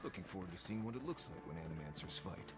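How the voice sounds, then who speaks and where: Gruff dry companion. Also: male voice, low voice, expressive, fast, loud music behind the voice.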